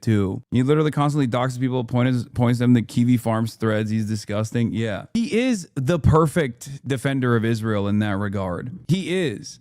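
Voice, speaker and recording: A man rants scornfully and rambles through casual political commentary. The clip sounds dry and close, with a mid-pitched voice. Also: animated, moderate pace, hardly any pauses, darkish tone, dry recording. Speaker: political streamer. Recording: dry clip played from a stream.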